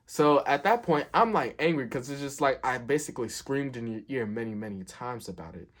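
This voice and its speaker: A young man telling a work story in a casual, animated way, acting out the quotes with big jumps in pitch. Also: moderate pace, few pauses, slight background noise. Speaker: storyteller, fast food worker.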